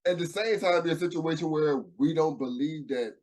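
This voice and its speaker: A man's voice: a little high, brisk, a little mellow. A man co-hosting a casual podcast chat, thinking aloud and reflecting with frequent restarts. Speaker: podcast co-host.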